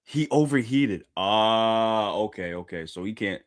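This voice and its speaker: A man talking straight to his stream viewers as he reacts to a new chapter. He chats in casual slang and keeps breaking into loud, repeated exclamations. His voice is very animated and swoops up and down constantly. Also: lowish voice, unhurried, hardly any pauses. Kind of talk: live reaction commentary.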